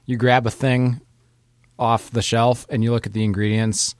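A man's voice: medium pitch, flat delivery, normal speed, no room sound, studio quality. A man co-hosting a podcast, wryly explaining a point and talking straight to listeners. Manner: wry, explaining and addressing listeners directly. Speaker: podcast co-host. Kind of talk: casual movie discussion chat.

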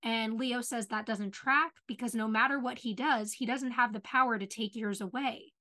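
A woman co-hosting a podcast, casually recapping a TV episode and retelling scenes with animated, cussing commentary. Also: on the high side, moderate pace. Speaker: podcast co-host.

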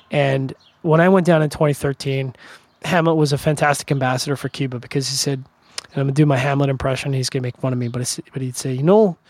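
A middle-aged man from Canada chats casually on a podcast, wandering through stories with lots of "you know" and restarts. His voice sits a little high for a man. The sound is dry and close, with no room around it. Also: no room sound. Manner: rambling storyteller with frequent restarts and fillers. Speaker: podcast co-host. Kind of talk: casual chat.

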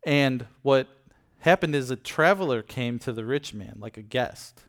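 A preacher gives a casual Bible teaching, retelling scripture in everyday language and checking in with listeners through frequent "okay?" and "right?". His mid-range voice moves a little slowly.

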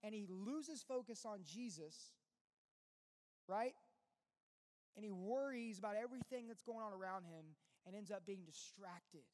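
A pastor preaching a sermon in an earnest, conversational way, full of rhetorical questions. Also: male voice, high-pitched, normal speed, hardly any pauses, darkish tone. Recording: long reverb with faint music behind.

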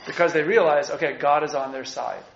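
Animated male lecturer in an echoey room. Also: a little high, a little fast, gravelly, highs cut off. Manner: animated, conversational, acts out quotes. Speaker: teacher. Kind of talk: lecture on scripture.

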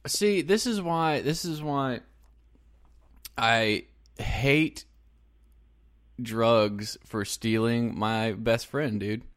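Animated male podcast host. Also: medium pitch, extremely slow, long pauses, no room sound, clean studio sound. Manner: animated storyteller, laughs between phrases. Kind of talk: casual chat.

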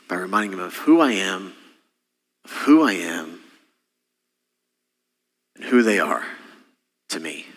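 A middle-aged man preaching a sermon as senior pastor, impassioned, with sudden soft drops. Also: on the low side, big-room sound.

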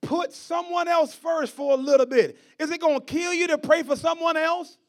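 A man preaching a fiery sermon, stammering and repeating words as he builds to shouts, calling out to members of the congregation. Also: very high-pitched, fairly even intonation, normal speed.

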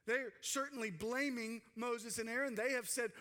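A man preaching a sermon with passion, acting out quoted cries and dropping to hushed tones for emphasis. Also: extremely high pitch, steady tone, unhurried, hardly any pauses. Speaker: pastor.

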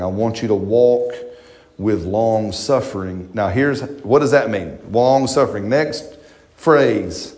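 Folksy pastor preaching. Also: male voice, on the low side, normal speed. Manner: folksy, animated preaching with rhetorical questions. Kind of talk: sermon. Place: church.

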